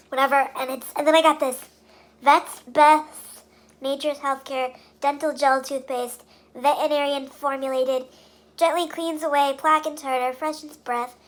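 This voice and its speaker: A woman's voice: high voice, fairly bright tone. A young woman vlogging casually, venting with frustration and many fillers. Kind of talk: casual vlog monologue.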